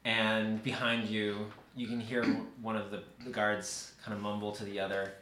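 A man narrating a tabletop game as game master, describing scenes in a measured, casual way. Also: on the low side, flat delivery, a bit bright. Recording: roomy echo, faint noise.

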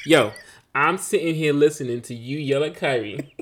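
A man's voice: mid-range voice, brisk, background noise. A man in his thirties co-hosting a casual podcast, telling family stories with a lot of laughter and acted-out voices. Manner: animated storyteller, laughs often, acts out family moments. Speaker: podcast co-host. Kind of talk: casual chat.

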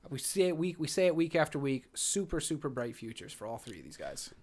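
A man's voice: a little high, big pitch swings, a little fast, darkish tone. A man co-hosting a casual wrestling podcast, agreeable and chatty with frequent restarts. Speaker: podcast co-host.

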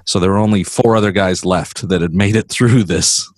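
Low-voiced male podcast co-host. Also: moderate pace, hardly any pauses, dry recording. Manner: chatty storyteller, teasing, restarts often. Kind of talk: casual podcast chat. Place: California.

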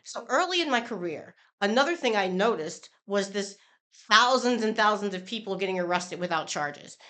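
A woman's voice: mid-range voice, expressive, normal speed, bright, forceful tone. A woman state senator being interviewed, speaking earnestly and emphatically about her time as a lawmaker. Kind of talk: conversational interview.

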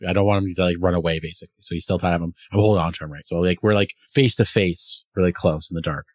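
Hesitant low-voiced man at the game table. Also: steady tone, fast talker, a little mellow, no room sound, studio quality. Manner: hesitant, repeats words as he thinks. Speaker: player. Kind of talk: casual tabletop game play.

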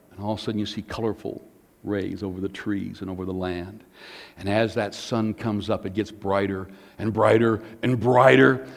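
Emphatic male pastor in an echoing hall. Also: medium pitch. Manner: emphatic, varied delivery with rhetorical questions. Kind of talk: sermon. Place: church. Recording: long hall reverb.

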